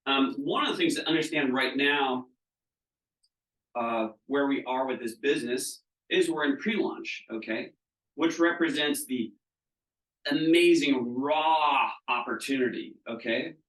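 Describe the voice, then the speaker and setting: A male business coach leads a live training talk for a group, speaking conversationally and often checking whether the room is following. His unhurried, medium-pitched voice is a bit bright, and he's picked up from a distance in an echoey seminar room.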